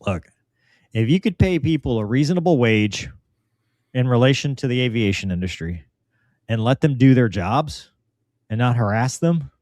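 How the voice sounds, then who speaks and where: A man co-hosting a casual live talk show, reading viewer comments and reflecting in a halting way with frequent restarts. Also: medium pitch, animated, darkish tone, no room sound. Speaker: co-host reading viewer chat.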